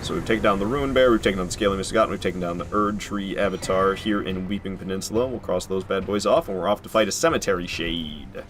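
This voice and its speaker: A man's voice: deep voice, fast talker, hardly any pauses. A man chatting casually with his viewers while he streams a video game from home, joking and laughing often. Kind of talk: casual live-stream commentary.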